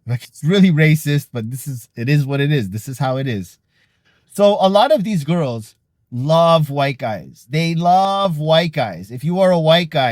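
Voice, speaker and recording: A man's voice: on the high side, dry recording. Brief: young male vlogger, casual and blunt, rambling monologue, bone-dry recording. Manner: blunt, rambling, leans on "you know". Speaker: vlog host.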